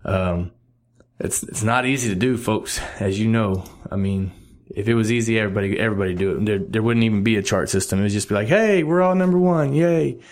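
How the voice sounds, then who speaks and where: A man's voice: on the low side, steady tone, fast. A middle-aged man hosting a casual music news show, rambling and correcting himself with joking asides. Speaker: podcast host.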